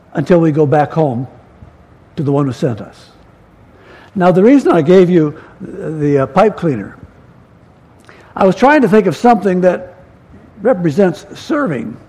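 An older man preaching a sermon in a church, folksy and storytelling, with pauses and restarts. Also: high voice, darkish tone, husky. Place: church sanctuary. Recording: long hall reverb.

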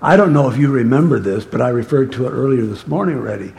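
A man's voice: medium pitch, lively intonation, fast, vocal fry, a little mellow. A male pastor preaching a sermon in a conversational storytelling manner that turns emphatic.

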